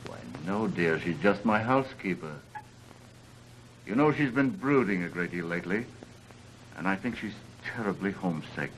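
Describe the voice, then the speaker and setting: A gentle low-voiced suitor in an old film. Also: male voice, expressive, moderate pace, low-quality recording. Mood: tender. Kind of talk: 1930s film acting. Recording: old film soundtrack with faint noise.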